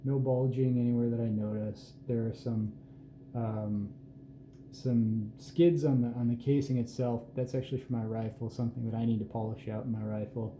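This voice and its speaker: A man giving an unhurried, plain-spoken walkthrough at an indoor reloading bench, with self-deprecating asides. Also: medium pitch, fairly even intonation, noisy background. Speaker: host showing his hand loads. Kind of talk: casual hands-on explanation. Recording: roomy echo with faint ambience.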